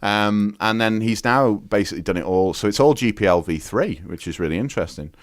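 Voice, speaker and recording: A man's voice: fairly low pitch, brisk, dry recording, clean studio sound. A man from the UK chatting as a podcast guest, telling rambling stories full of fillers and restarts. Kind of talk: casual chat.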